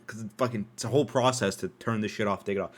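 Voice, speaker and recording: A young man from Canada hosting a podcast, telling a story in a casual monologue with lots of swearing, laughter and sudden jumps in pitch. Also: steady tone, very fast. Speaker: podcast host.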